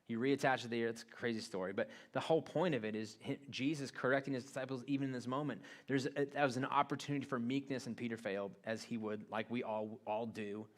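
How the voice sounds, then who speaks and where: A man's voice: medium pitch, steady tone, fast talker, hardly any pauses. A male pastor giving a sermon in a casual, conversational way, as if talking to friends. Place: church auditorium.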